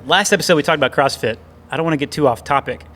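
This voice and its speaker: This podcast co-host has a slightly high, fairly bright voice and talks very fast, with a little hiss or hum on the recording. Indoors in a gym, he rambles through a self-deprecating story on a casual talk show, restarting often.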